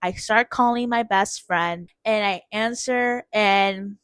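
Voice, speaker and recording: Slow, chatty young woman vlogging. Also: medium pitch, noisy background. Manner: chatty, many "like" fillers, exclaims quoted reactions. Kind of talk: casual voice-over vlog.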